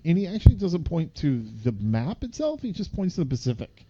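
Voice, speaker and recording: A man's voice: high-pitched, sing-song, a little fast, mellow, muffled recording. A man co-hosting a podcast, cracking sarcastic jokes while chatting casually about a movie. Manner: joking, sarcastic asides. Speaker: podcast co-host. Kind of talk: casual movie recap chat.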